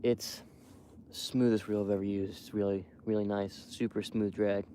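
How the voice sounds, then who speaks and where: A young man quietly rambling to his live stream while hunting outdoors in the cold wind, full of fillers and restarts. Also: lowish voice, flat delivery, normal speed. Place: outdoors in a windy field edge.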